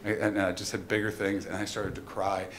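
A man performing a stand-up comedy set live, moving between quiet somber storytelling and loud punchlines. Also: deep voice, little pitch movement, fairly quick. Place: live comedy venue at a festival. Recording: roomy live venue with audience noise.

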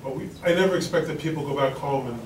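A man's voice: fairly high pitch, fast talker, background noise. Folksy Queens New York man speaking in a hall. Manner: rambling, folksy, with many fillers and restarts. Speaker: congressman speaking at a forum. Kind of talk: informal speech to an audience. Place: large event hall with an audience. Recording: echoey hall recorded from far off.

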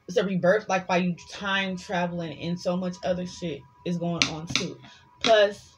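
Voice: mid-range voice, fairly even intonation, moderate pace, a bit bright, soft background music, low-quality recording. A tarot reader giving a casual collective reading, chatty and sassy, swearing freely and rambling between the cards.

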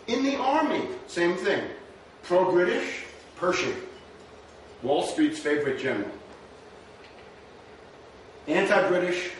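A man giving a history lecture in a rhetorical, conversational way, often checking in with "right?". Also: medium pitch. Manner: rhetorical, frequent "right?" asides. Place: lecture room. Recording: very echoey room, distant mic, faint noise.

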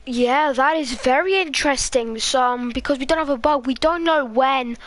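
A woman with a Scottish accent giving live race commentary in a halting, rambling way, full of fillers. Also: high-pitched, no room sound. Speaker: sim racing commentator.

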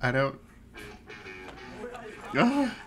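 Gushing reactor with wildly swinging pitch. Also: extremely slow. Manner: excitable, gushing, breaks into laughter and squeals. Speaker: reaction video host. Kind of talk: casual reaction commentary. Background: music video playing.

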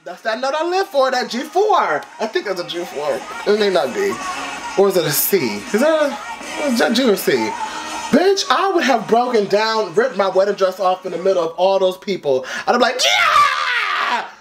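A man with a high voice that leaps all over, reacting to a music video. He is loud, sassy and theatrical, piling on slang. Faint music plays underneath. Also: very animated, moderate pace. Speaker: YouTube reaction host.

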